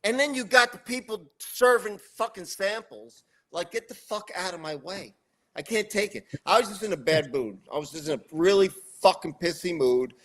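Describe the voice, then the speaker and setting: A middle-aged man telling a story in casual podcast chat, ranting and swearing a lot in an animated way. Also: sits high, normal speed. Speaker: podcast co-host.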